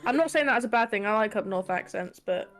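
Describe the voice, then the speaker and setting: Sweary British woman streamer. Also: medium pitch. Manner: swears a lot, talks fast when excited. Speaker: streamer host. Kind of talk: casual chat, reading posts aloud.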